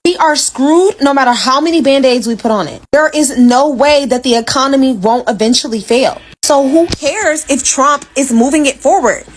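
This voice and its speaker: High-voiced woman, blunt and emphatic. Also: normal speed, hardly any pauses. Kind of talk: political commentary.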